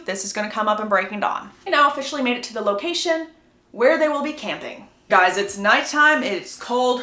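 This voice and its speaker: A woman's voice: fairly high pitch, pushed and bright, roomy sound. Chatty young woman retelling a story. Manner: chatty, acts out quotes in quick voices. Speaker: book recap creator. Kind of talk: casual book plot retelling.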